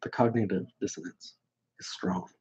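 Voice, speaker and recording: A man's voice: sits low, fairly even intonation, darkish tone, slightly rough. Blunt young man, muffled lo-fi sound. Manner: blunt, mocking, halting with many restarts. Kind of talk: casual chat. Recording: dull lo-fi sound.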